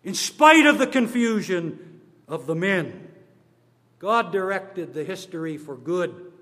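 A man giving a formal address on church history, slow and deliberate, stressing his words one by one. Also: high voice, animated, pushed and bright. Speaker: church speaker on denominational history. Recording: long reverb of a large hall.

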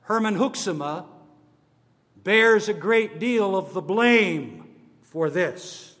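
Guy giving a church history talk, kinda high voice, slow and weighty, big echoey hall. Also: lively intonation, fairly bright tone. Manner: slow, deliberate and emphatic, stressing words one by one. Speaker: church speaker on denominational history. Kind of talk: formal church history address. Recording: long reverb of a large hall.

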